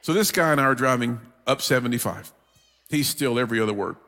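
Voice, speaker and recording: A man preaching a sermon, telling a story with humor and lively energy. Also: medium pitch, quick pace. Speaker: guest preacher. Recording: long hall reverb from church.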